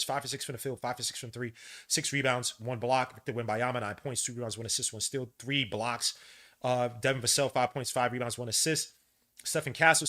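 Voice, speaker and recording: A man hosting a podcast, giving live play-by-play commentary and stats with excitable, frustrated, slangy outbursts. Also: mid-range voice. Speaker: podcast host.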